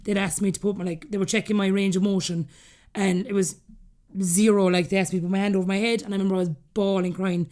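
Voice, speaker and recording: A woman in her thirties with an Irish accent speaks at medium pitch as a podcast guest. She tells her story candidly, rapidly and animatedly, acting out the dialogue she quotes.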